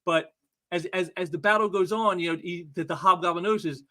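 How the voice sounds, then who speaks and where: An enthusiastic man talks casually through a comic book, as host of his own review show. His voice is a bit higher than most men's and sounds bright and forceful. He talks in a chatty, eager way. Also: a little fast. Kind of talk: casual video commentary.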